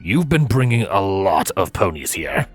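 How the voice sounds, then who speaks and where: A man's voice: sits low, big pitch swings, measured pace, breathy edge, faint music behind, exaggerated voice. A man voicing a large, hostile male griffin brute who growls and accuses. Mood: accusing.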